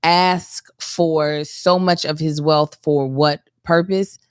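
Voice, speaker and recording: A woman's voice: sits low, steady tone, slow, smooth, no room sound, studio quality. Teasing woman co-host in banter. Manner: teasing, playful, emphatic. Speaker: podcast co-host. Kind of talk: casual comedic chat.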